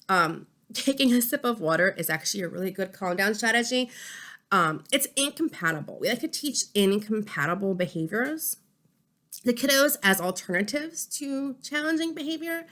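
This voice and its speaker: A woman in her thirties explains calming strategies to parents in a relaxed teaching talk. Her voice is bright and a touch high, and she keeps checking in with little "okay?" and "right?" tags. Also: moderate pace. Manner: warm conversational teaching, frequent "okay?" and "right?" check-ins. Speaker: family support educator.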